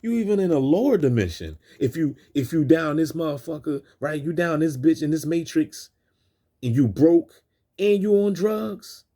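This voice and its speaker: At a moderate pace, a video host with a fairly high, mellow voice, a breathy edge and lively intonation rants over film clips. His preachy street-slang delivery is repetitive and riddled with stumbling restarts.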